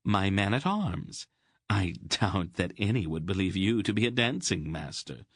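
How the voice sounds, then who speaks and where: A man voicing a commanding, motherly noblewoman who gives out orders in a brisk, dry, teasing way. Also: deep voice, very animated, no room sound, exaggerated voice.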